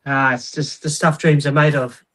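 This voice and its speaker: A man's voice: fairly high pitch, flat delivery, moderate pace, a bit bright. A man with a slightly raised voice co-hosting a fan podcast. He sounds cheerful and dryly funny, his sentences often trailing away. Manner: cheerful, dry humour, trails off. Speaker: podcast co-host. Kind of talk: casual football fan chat.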